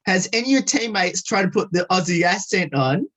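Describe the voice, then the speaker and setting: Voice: mid-range voice, lively intonation, a little fast, a bit bright. A radio host asking interview questions over a video call.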